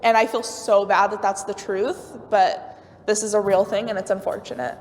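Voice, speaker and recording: A woman's voice: mid-range voice, flat delivery, normal speed, a little mellow. A woman speaking candidly in a casual group discussion on a panel. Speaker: panel participant. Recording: roomy reverb with faint ambient noise.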